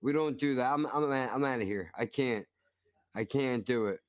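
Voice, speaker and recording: Smooth-voiced man ranting with profanity. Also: mid-range voice, moderate pace, dry recording, studio quality. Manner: profane, ranting, mock-outraged. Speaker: stream host reacting to a video. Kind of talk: casual reaction commentary.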